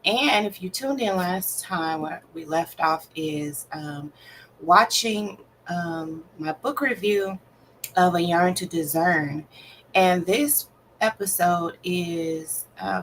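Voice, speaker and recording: A tired woman from Alabama, chatting casually and slowly on a late-night livestream while she yawns. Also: fairly low pitch, a little hiss or hum, rough recording. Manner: slow, easygoing, calls listeners "child". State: tired and yawning. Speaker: writer and livestream host. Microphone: off camera, voice only.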